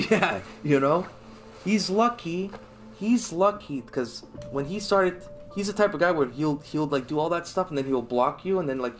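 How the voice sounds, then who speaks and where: A man livestreaming and chatting casually with viewers, rambling with many fillers and casual swearing. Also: fairly high pitch. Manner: rambling, filler-heavy, lots of "like" and "you know". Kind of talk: casual chat with stream viewers.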